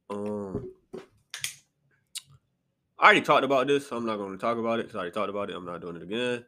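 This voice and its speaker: A man's voice: on the low side, fast, long pauses, sharp tone, a little hiss or hum. A young man hosting a solo podcast, rambling and profane, often mocking himself. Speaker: podcast host. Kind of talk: casual solo podcast rant.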